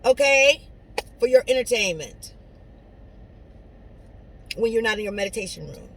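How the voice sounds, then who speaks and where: A woman's voice: mid-range voice, lively intonation, measured pace, long pauses, fairly bright tone, slight background noise, rough recording. Preachy woman giving a pep talk. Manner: preachy and conversational, with emphatic swings up and down. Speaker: motivational speaker. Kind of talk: inspirational monologue to camera.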